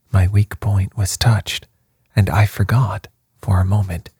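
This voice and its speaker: A man reading a classic novel aloud in a measured, formal first-person narration. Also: low voice, a little mellow, breathy edge, no room sound, studio quality. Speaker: audiobook narrator.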